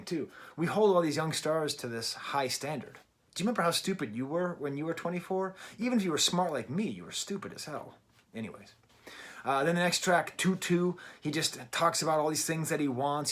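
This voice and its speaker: A man's voice: a little high, lively intonation, a little fast, fairly bright tone. A middle-aged man giving a casual, emphatic and wry album review from his daughter's bedroom at home. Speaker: music reviewer.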